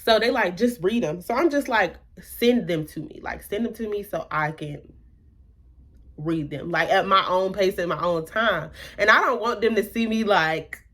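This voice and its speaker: A woman's voice: mid-range voice, moderate pace, fairly bright tone. A young woman from the American South telling a dramatic personal story in a casual vlog, full of rhetorical questions and quoted dialogue. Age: young adult. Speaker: vlogger.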